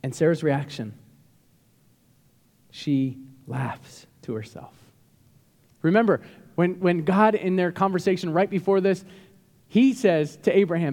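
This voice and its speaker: High-voiced male pastor preaching. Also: a little slow, long pauses. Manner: animated, emphatic preaching with rising bursts. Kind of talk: sermon. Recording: long hall reverb.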